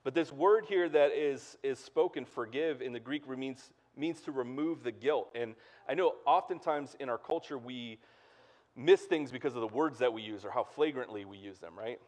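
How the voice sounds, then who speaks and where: A man's voice: mid-range voice, moderate pace, darkish tone. Chatty casual male pastor. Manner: casual and chatty, lots of "like" and "right?". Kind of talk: conversational sermon.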